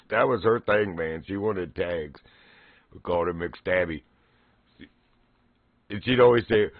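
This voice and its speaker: A man's voice: on the low side, no echo, highs cut off. A man streaming, casually telling old gaming stories and laughing often. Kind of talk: casual storytelling.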